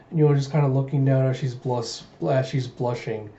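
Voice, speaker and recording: A man's voice: medium pitch, steady tone, a little fast, few pauses, warm tone. A young man casually narrating a manga read-through, chatty and loose as he recaps. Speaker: manga reader, video host. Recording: dull roomy home recording.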